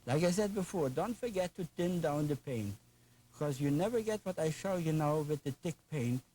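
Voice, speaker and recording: A man's voice: fairly high pitch, lively intonation, normal speed, mellow, slight background noise, rough recording. An older man with a German accent, teaching a painting lesson in an enthusiastic, folksy, chatty way with playful asides. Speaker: painting instructor.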